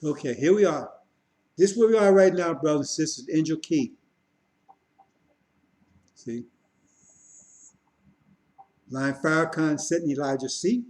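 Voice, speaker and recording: A man's voice: on the high side, measured pace, pauses often, darkish tone, low-quality recording. Sarcastic preaching man. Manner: mocking, sarcastic and emphatic. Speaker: religious commentator. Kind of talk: preaching critique monologue.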